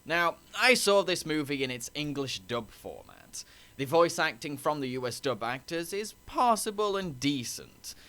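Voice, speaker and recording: A man's voice: a little high, sing-song, a little slow, pushed and bright. A man narrating a scripted review, opinionated and critical. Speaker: anime reviewer.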